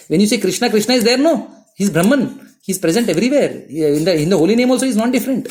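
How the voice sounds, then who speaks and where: A man giving a devotional lecture on scripture in an animated way, often restarting his sentences. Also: high voice, very fast. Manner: animated, acts out quoted voices, many restarts. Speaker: spiritual teacher.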